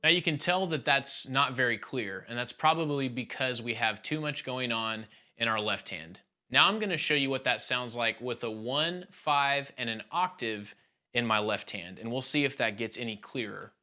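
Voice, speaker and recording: A man gives a calm, step-by-step keyboard lesson for a church band. His voice is bright and forward, with a steady, even tone. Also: mid-range voice, moderate pace. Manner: explains step by step, calm teaching tone. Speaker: worship keys instructor. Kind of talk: instructional talk.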